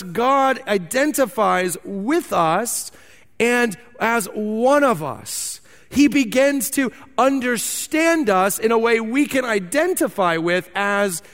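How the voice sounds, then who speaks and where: A man preaching a sermon as pastor, emphatic and animated, repeating words for stress. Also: very high-pitched. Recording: long reverb of a large hall.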